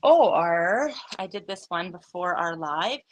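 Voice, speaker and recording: A woman's voice: lowish voice, lively intonation, takes it slowly, poor audio. A woman hosting a live craft demonstration, chatty and upbeat, thinking aloud with frequent fillers. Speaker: craft studio host.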